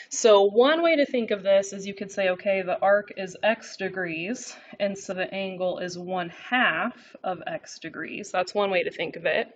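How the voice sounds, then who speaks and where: A woman teaching a recorded math lesson, working through notes as she writes. She keeps checking in with her students with a quick "okay?". The recording sounds a little dull and lo-fi. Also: medium pitch, a little hiss or hum. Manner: talks while writing, frequent "okay?" check-ins.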